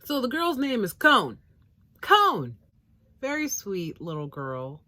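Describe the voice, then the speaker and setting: A woman's voice: medium pitch, very animated, unhurried, pushed and bright, a little hiss or hum. A woman chatting casually about an anime episode, rambling and blunt, swearing freely. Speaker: anime reviewer, co-host. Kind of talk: casual chat.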